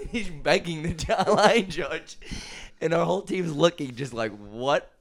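A man's voice: on the high side, unhurried. A young man co-hosting a podcast, telling amused anecdotes in casual chat.

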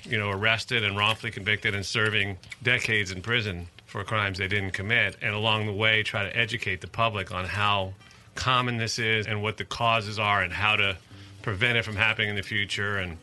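An earnest man guesting on an interview tells animated stories in a casual, loose way. His voice is bright and forceful, a little low in pitch, and faint noise sits behind it. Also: moderate pace. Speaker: guest, musician and advocate.

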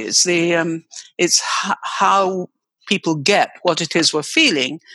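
An older woman voice teacher, explaining expressively as a guest, swooping her pitch to demonstrate. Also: bright, forceful tone, husky, no echo, rough recording. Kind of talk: explanatory interview talk.

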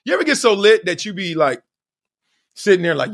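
A middle-aged man hosts a podcast, telling a comic story in an animated way, laughing often and acting out quoted voices. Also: high-pitched, brisk, vocal fry. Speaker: podcast host. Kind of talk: comedic storytelling monologue.

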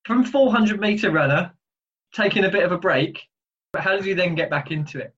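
Male co-host, high husky voice, teasing questions, lo-fi sound. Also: lively intonation, a little fast, fairly bright tone. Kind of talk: casual interview.

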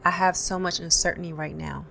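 Low, gravelly-voiced woman guiding tapping. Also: brisk, faint music behind. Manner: calm, repeats affirmations for listeners to echo. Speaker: tapping instructor. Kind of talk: guided tapping session.

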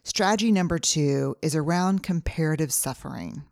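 A woman's voice: deep voice, expressive, moderate pace, gravelly, a little mellow, no room sound, clean studio sound. A middle-aged woman hosting her own podcast, talking earnestly through numbered advice in a solo monologue. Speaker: podcast host.

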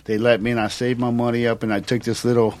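A man's voice: medium pitch, little pitch movement, fast talker, a little mellow. A middle-aged man from Louisiana with a Cajun accent, a restaurant owner telling his story in casual chat and answering in short repeated yeses.

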